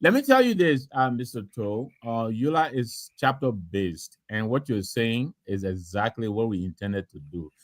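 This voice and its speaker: Man, diaspora official on a call-in show, pushy and insistent, middle pitch. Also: expressive, normal speed, hardly any pauses. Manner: insistent, argumentative. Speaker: diaspora affairs official, guest. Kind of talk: radio call-in debate.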